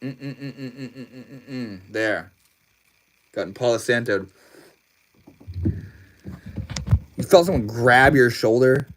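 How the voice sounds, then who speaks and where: A man's voice: medium pitch, very slow, long pauses. A young man hosting a casual livestream, talking loosely with lots of slang and swearing and laughing often. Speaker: livestream host.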